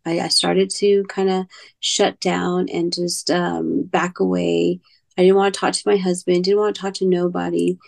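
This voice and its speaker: A woman as a podcast guest, telling a personal story in a halting way, repeating words and sometimes dropping to a near-whisper. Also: lowish voice, little pitch movement, gravelly, a little mellow.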